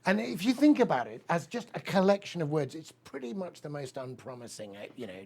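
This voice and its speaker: A man's voice: a little high, big pitch swings, fast, vocal fry, a little mellow. A man giving a talk, rambling and enthusiastic, telling a personal story and reading poetry aloud. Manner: rambling, enthusiastic, many fillers. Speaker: speaker at a weekend of talks.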